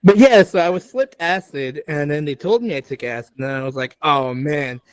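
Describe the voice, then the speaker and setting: Co-host guy, stop-start way of talking, a bit high pitched. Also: expressive, a little fast, no echo. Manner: hesitant, self-interrupting. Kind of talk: casual chat.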